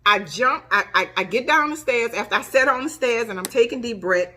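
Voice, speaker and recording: A woman's voice: on the high side, animated, a little fast, bright, forceful tone, a little hiss or hum. A middle-aged woman tells a personal story to camera, emotional, acting out gasps and cries as she recalls them. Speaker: vlogger.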